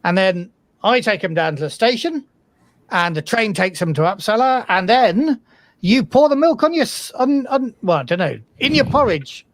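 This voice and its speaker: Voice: mid-range voice, animated, normal speed, no echo, voice pushed up, lightly acted. A game master doing a folksy West Country carter. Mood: chatty. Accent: West Country English. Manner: rambling, folksy, chatty. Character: friendly male country drayman.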